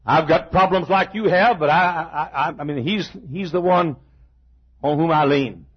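An older man preaching a sermon, emphatic, with stammered restarts and shouted peaks. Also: fairly high pitch, moderate pace, husky, lo-fi sound.

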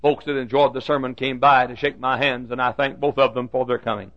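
An older man, a pastor, telling a story from the pulpit with halting restarts and bursts of loud preaching. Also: mid-range voice, flat delivery. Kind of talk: sermon storytelling. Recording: dull lo-fi sermon recording.

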